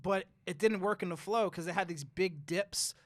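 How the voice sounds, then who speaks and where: A man's voice: high voice, normal speed, a bit bright, a little hiss or hum. A man co-hosting a podcast, laid-back and laughing as he weighs in on a movie. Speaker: podcast co-host. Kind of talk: casual movie review chat.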